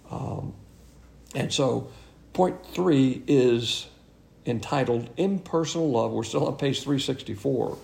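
A man with a gravelly, fry-tinged voice teaches scripture in a sermon. He is blunt and emphatic, and he keeps it conversational with quick asides to his listeners. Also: medium pitch, a little mellow. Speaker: Bible teacher.

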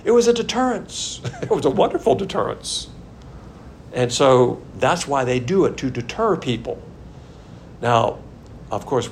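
An older man from the American South teaching a Bible sermon, swinging between loud emphasis and quiet asides. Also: medium pitch, a little hiss or hum. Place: Texas.

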